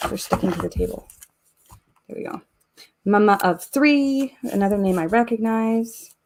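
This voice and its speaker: A woman's voice: medium pitch, brisk, darkish tone, a little hiss or hum. A Canadian woman hosting a live stream, chatting casually and reading viewer comments aloud as she works. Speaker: host of a live giveaway stream.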